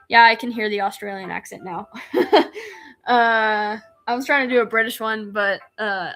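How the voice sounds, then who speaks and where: A woman streamer chatting casually with viewers while she plays a game, self-deprecating and quick to laugh. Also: mid-range voice, fairly even intonation, a bit bright, faint music behind. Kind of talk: casual gameplay chat.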